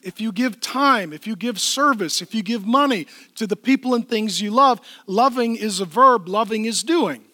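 Bright, high-voiced preaching man. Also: no room sound, studio quality. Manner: impassioned preaching, swinging from loud pleas to quiet tenderness. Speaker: pastor. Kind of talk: sermon. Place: church.

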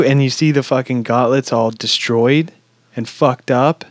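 A man co-hosting a casual podcast, retelling a film in an excitable, profane rush. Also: a little high, moderate pace, dry recording, clean studio sound. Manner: excitable, heavy swearing, lively storytelling. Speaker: podcast co-host. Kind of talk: casual movie review chat.

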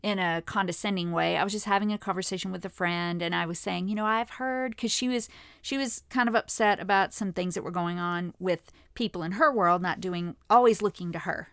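Gravelly-voiced woman host, candid and chatty. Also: on the low side, a little fast, no room sound, clean studio sound. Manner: candid, chatty, expressive with dips to a hush. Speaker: podcast host. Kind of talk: personal storytelling to listeners.

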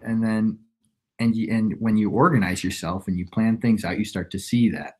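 Podcast guest, male, 20s, lower pitch, reflective rambling delivery. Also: steady tone, normal speed, a little mellow, breathy edge. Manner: reflective, rambling with frequent restarts. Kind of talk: casual conversation.

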